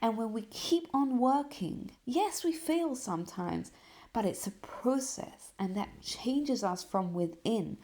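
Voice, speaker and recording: A woman hosting a podcast, giving a Torah lesson as a story, full of rhetorical questions and soft dips for emphasis. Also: fairly high pitch, expressive, slow pace, hardly any pauses. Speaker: podcast host and Torah teacher.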